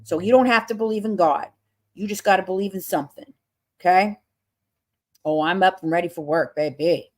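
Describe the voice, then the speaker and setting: Woman, low-pitched, profane, fiery, casual livestream rant, sleepless. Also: a little fast, long pauses, a little mellow. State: has not slept. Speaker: livestream host.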